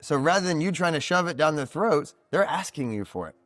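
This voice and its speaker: His voice sits on the high side, expressive and a bit bright, and he talks briskly with no echo around him. As a podcast guest and card reader in easygoing conversation, he explains things reflectively, like a teacher, peppering his talk with "like."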